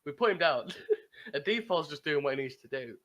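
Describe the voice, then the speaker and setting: This gamer's voice is fairly high, fairly bright and animated, and he speaks fairly quickly. As a podcast co-host, he chats casually about a game server, stopping to restart his long story and laughing along the way.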